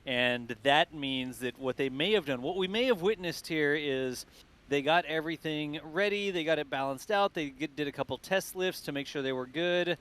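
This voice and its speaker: A man hosting live stream commentary, easygoing and thinking aloud with drawn-out phrasing. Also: mid-range voice, fairly bright tone. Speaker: livestream host.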